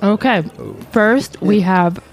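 A woman's voice: medium pitch, slow pace. A woman co-hosting a radio talk show, playful and teasing in casual banter. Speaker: co-host.

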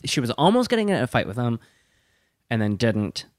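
Animated laughing male podcast co-host. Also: mid-range voice, fairly quick, no echo, clean studio sound. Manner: animated storyteller, laughs a lot. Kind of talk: casual chat.

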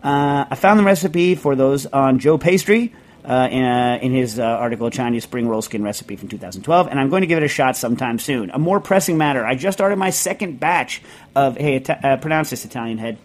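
A man's voice: medium pitch, a little fast. A man hosting a casual food radio show, rambling with many restarts and reading listener letters aloud. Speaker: podcast host.

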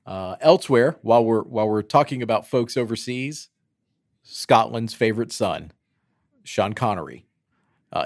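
A man co-hosting a casual roundtable podcast, lively and teasing, with many fillers. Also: fairly low pitch, gravelly, no echo, studio quality. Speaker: podcast co-host.

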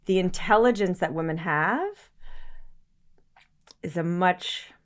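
A woman's voice: lowish voice, slow. A woman as a podcast guest, talking earnestly in casual conversation, often searching for words and swearing casually.

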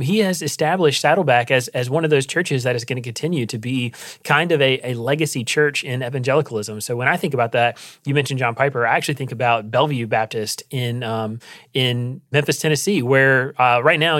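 A man's voice: mid-range voice, a bit bright, dry recording, studio quality. A man co-hosting a news talk show, giving earnest, emphatic commentary with frequent restarts. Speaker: co-host, commentator. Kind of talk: opinion commentary.

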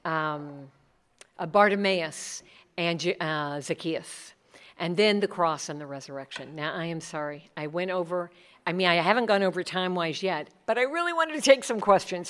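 A woman's voice: fairly low pitch, clear, resonant tone. A middle-aged woman speaking earnestly to a group about leading Bible studies, acting out the people she quotes. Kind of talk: talk with audience questions.

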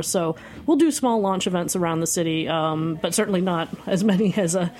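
Low-ish woman, lots of um's, faint hiss behind. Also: a little fast, few pauses, a little mellow. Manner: hesitant, lots of ums and restarts. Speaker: beer importer guest. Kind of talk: casual studio chat. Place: radio studio.

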